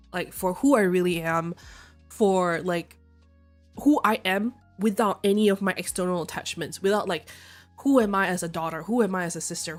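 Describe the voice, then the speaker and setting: A young woman streaming, talking casually and candidly, swearing freely and breaking into excited shrill outbursts. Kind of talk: casual chat.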